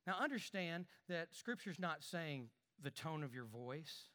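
A man preaching a sermon, animated, with repeated words, quiet asides and loud emphatic lines. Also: a little high, measured pace. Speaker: pastor.

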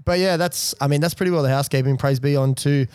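A man's voice: on the high side, quick pace, darkish tone, clear, resonant tone. A young man co-hosting a podcast, chatting casually with jokey banter. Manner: laid-back, jokey banter. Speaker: podcast co-host. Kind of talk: casual chat.

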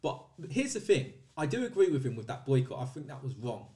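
A man's voice: mid-range voice, sing-song, a little fast, mellow. A man co-hosting a casual podcast chat, talking easily and laughing often. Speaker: podcast co-host.

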